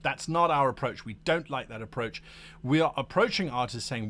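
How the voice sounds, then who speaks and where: A man's voice: mid-range voice, moderate pace. A man hosting a livestream about running tabletop games, talking casually while showing a map and acting out quoted voices. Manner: animated, acts out quoted voices. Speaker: game master and show host.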